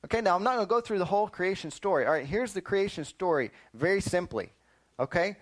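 A man teaching a lively Bible lesson to children, quizzing them and often calling "listen up" to get their attention. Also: high voice, quick pace. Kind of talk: animated Sunday school lesson.

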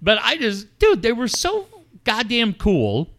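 Middle-aged guy on the radio acting out phone calls, high bright voice, all over the place. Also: unhurried. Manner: animated, acts out phone calls in quoted voices. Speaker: radio show host. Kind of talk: casual storytelling on air.

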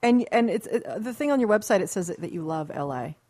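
Chatty woman host with lively pitch. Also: quick pace. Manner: chatty, meandering, laughs often. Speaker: podcast host. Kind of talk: casual conversation.

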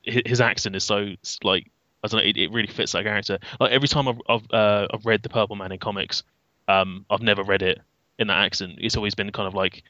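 British male co-host, low-ish bright voice, halting casual delivery, dry slightly muffled mic. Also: fairly even intonation, no room sound. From Britain. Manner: stammering, many restarts and fillers. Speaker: podcast co-host. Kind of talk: casual chat.

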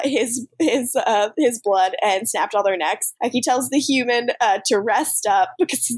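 Podcast co-host, woman, slightly high voice, dry close sound, giggly animated recap. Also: no echo. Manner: animated, laughing often, acts out quoted lines. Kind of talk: casual chat.

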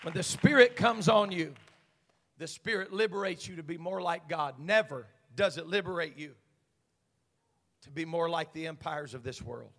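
A man, a senior pastor, preaching a Pentecostal sermon, dropping to quiet asides and then climbing to shouted proclamation. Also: on the high side, normal speed, big-room sound. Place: church sanctuary.

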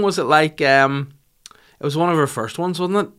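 A man's voice: on the high side, moderate pace, a bit bright, smooth. A young man hosting a comedy podcast, chatting in a rambling, sweary, mocking way. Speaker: podcast host. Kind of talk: casual comedic podcast chat.

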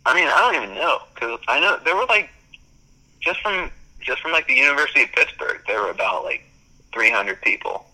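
A man's voice: mid-range voice, expressive, a little fast, pushed and bright, low-quality recording. A young man in casual chat, rambling through stories with lots of "like" and frequent laughs. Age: young adult.

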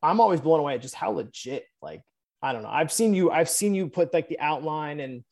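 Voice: mid-range voice, expressive, a little fast, darkish tone. A podcast host who talks enthusiastically and with many fillers, showering the guest with praise. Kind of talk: podcast interview.

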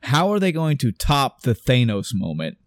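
A man tells a movie scene to his co-host with mounting excitement and a steady stream of swearing. He acts out his own gasps and cheers as he goes. His voice sits in a middle range, recorded close and dry with no room sound. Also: medium pitch, moderate pace, no echo. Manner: excited, profane storytelling, acts out his reactions. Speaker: podcast co-host. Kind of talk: casual movie recap chat.

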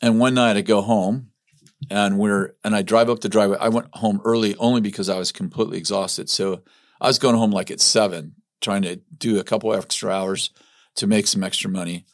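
A business owner in his sixties talks fairly quickly in clean studio sound with no echo. An animated storyteller, he shares a family story in casual conversation, acting out other people's voices in a high pitch.

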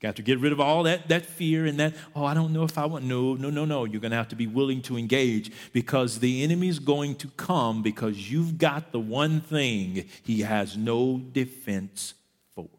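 In a church sanctuary with long reverb, a pastor with a medium-pitched voice speaks at normal speed, urging his congregation to keep going and sometimes mimicking whiny excuses.

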